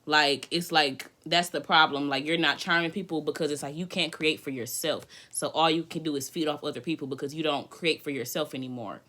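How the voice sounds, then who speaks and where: A bright, forceful woman's voice reads tarot cards on a livestream. She is hyper and loud, full of slang and casual swearing. She circles back to the same card meanings as she works through them out loud. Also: deep voice, fairly even intonation, a little fast, few pauses. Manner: slangy, drifting, thinks aloud. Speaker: tarot reader.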